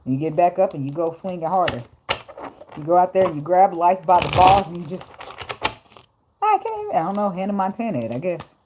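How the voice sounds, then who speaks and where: A woman's voice: lowish voice, sing-song, brisk. A woman giving a loose, profane, joking tarot reading to her viewers from her phone at home. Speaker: tarot reader. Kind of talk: casual spiritual reading vlog. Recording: noisy phone recording.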